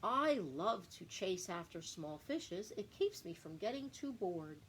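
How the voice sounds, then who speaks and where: A restless, bragging swordfish boasts about its hunting in a storybook, read by a woman. The lines start slow and climb high at the end. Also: sing-song, fairly bright tone, slight background noise, poor audio. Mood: boastful.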